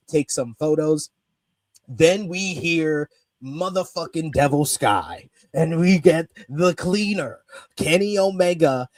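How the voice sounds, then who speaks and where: A man co-hosting a wrestling podcast, excitedly recapping an event in an animated, profane, laughing way. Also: sits high, dry recording.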